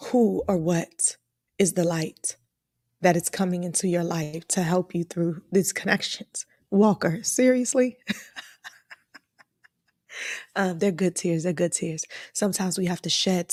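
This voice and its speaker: A woman's voice: lowish voice, darkish tone, husky, no echo, studio quality. A woman hosting a live online talk, speaking in an encouraging, emotional way and often checking in with her listeners with a "right?". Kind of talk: motivational live-stream talk, reading out chat comments.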